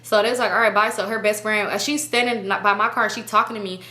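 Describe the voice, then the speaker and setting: A woman's voice: medium pitch, fairly even intonation, fast, sharp tone. A woman hosting a storytime video, telling a story in a casual, slangy and profane way and acting out what people said. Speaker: storytime channel host. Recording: roomy echo.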